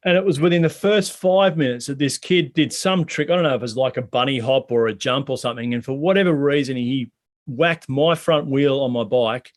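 A man preaching a sermon in a conversational way, asking the congregation many questions. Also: mid-range voice. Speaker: pastor.

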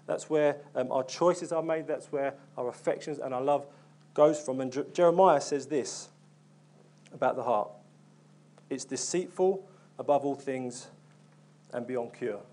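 A man's voice: mid-range voice, a little slow, long pauses, darkish tone. A young man preaching a sermon in an earnest, conversational way, with frequent ums and restarts.

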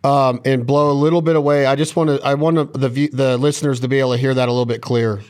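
A man's voice: medium pitch, steady tone, quick pace, darkish tone, smooth. A man hosting a podcast, asking curious, long, winding questions. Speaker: podcast host. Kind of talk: podcast interview.

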